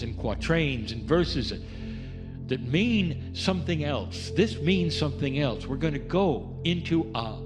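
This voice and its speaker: A man talking a group through a slow guided meditation as a spiritual channeler, speaking straight to his listeners. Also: on the high side, in a large hall.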